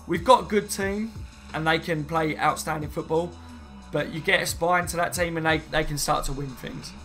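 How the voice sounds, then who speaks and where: A man's voice: a little high, normal speed, bright, forceful tone, soft background music. A man chatting casually on a live stream, rambling and reading viewer comments aloud, saying "mate" and "you know what I mean" often. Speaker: football fan streamer.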